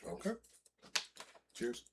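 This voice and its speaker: A man's voice: slow pace, a little mellow, a little hiss or hum. A man co-hosting a casual podcast, joking and teasing in playful banter. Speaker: co-host.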